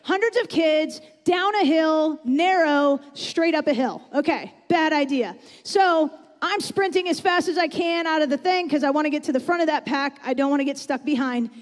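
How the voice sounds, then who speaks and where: In a church sanctuary, a woman with a high voice preaches a sermon at normal speed. She keeps it chatty and conversational, often putting questions to the congregation. A long reverb from the church hall fills the recording.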